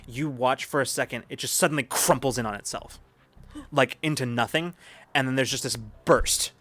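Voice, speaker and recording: Guy gm narrating a sci-fi rpg scene, bright tone, keeps restarting his sentences. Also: medium pitch. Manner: rambling, restarts sentences mid-description. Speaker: game master. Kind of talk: narrating a tabletop game.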